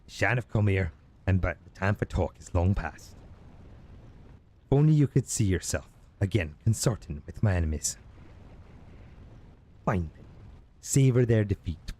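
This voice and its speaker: A man's voice: low voice, animated, unhurried, long pauses, darkish tone. A man voicing a hostile, scornful winged woman who snubs her blood sister in a story game, with a cold, clipped manner.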